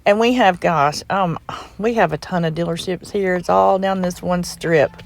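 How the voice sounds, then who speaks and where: A woman's voice: lowish voice, normal speed, gravelly. Chatty middle-aged woman telling a story. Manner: chatty, rambling, folksy, heartfelt. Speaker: crafting vlogger. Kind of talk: casual voice-over storytelling.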